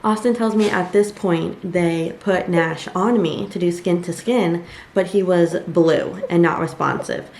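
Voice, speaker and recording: A woman's voice: fairly low pitch, measured pace, vocal fry, darkish tone. A young woman vlogger telling a personal story in a conversational way, with many fillers and quoted asides. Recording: echoey room with faint ambient noise.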